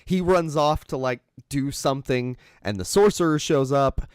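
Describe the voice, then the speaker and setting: A podcast co-host chats casually about films in a mid-range voice at normal speed, clear and resonant, recorded at studio quality with no room sound. He meanders and thinks aloud while retelling a story.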